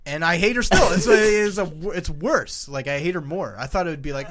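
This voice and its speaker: A young man co-hosting a podcast, telling crude stories in a loud, animated way and laughing along. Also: a little high, brisk. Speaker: podcast co-host. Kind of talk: casual chat.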